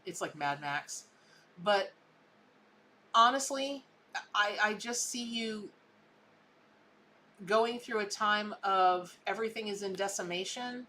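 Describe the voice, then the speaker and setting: A woman's voice: mid-range voice, fairly bright tone, slight background noise. A woman, hosting a live tarot reading in a chatty, emphatic way. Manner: chatty and emphatic, repeats words for effect. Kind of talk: casual live psychic reading.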